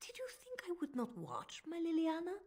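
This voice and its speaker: A woman's voice: on the low side, very animated, a little slow, gravelly, husky, full character voice. An actress with a French accent voicing a cold, manipulative woman spymistress in a video game, speaking in a silky, menacing way. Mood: scheming.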